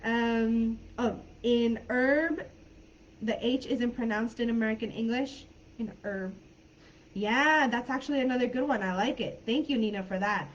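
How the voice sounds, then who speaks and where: A woman teaches English over a video call, her voice pitched a little high. She talks in a friendly, chatty way, laughing easily and pausing with fillers as she thinks. The audio is dull and lo-fi, with a faint hiss behind it. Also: steady tone. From California. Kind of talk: live online class.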